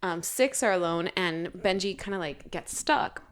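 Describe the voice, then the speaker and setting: A woman's voice: lowish voice, normal speed, slight background noise. A woman co-hosting a podcast, enthusiastically gushing about a favorite book character in casual chat. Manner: gushing, enthusiastic, laughs easily. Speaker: podcast co-host.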